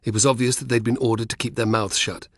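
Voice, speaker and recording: A man narrating an audiobook in a steady storytelling manner. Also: medium pitch, fast talker, no echo, clean studio sound.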